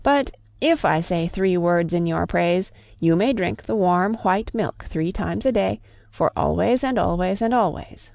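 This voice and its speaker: A woman's voice: on the low side, lively intonation, a little slow, gravelly, a little mellow, no room sound, clean studio sound. A woman voicing a wise, proud woman of a cave in a storybook reading, firm and commanding.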